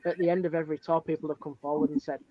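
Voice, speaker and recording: A man's voice: on the high side, level tone, racing, dry recording. A man who is a paranormal investigator and ghost walk guide, chatting casually and hesitantly, with many ums. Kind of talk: casual chat. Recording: dry, dull lo-fi sound.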